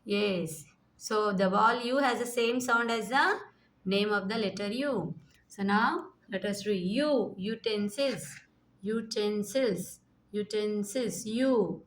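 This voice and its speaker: A woman's voice: medium pitch, slow pace, a little hiss or hum. A woman with an Indian English accent teaching a phonics lesson, sounding out letters and repeating each word. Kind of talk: slow classroom phonics lesson.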